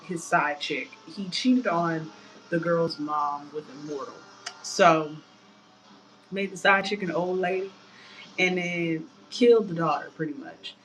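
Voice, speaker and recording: A young woman casually retelling a story on a livestream, chatty and animated, with playful outrage, painting her nails as she talks. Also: on the low side, a little hiss or hum.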